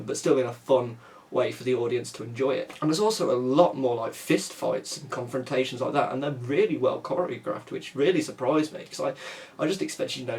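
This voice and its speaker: A man's voice: mid-range voice, slight background noise. A man giving a casual, chatty film review full of asides. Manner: chatty, lots of you-knows and restarts.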